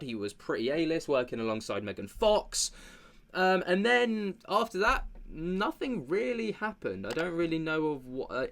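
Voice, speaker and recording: A man's voice: medium pitch, a bit bright. A man hosting a commentary vlog, talking in a chatty, rambling way with many fillers. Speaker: commentary channel host.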